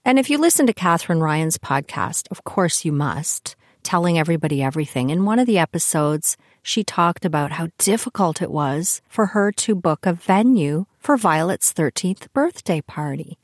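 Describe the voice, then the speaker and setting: An older woman hosting her own podcast, talking in a chatty, animated way about her family. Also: normal speed, few pauses, dry recording, studio quality. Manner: chatty and animated, with swings in pitch. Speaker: podcast host. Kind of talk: casual solo podcast monologue.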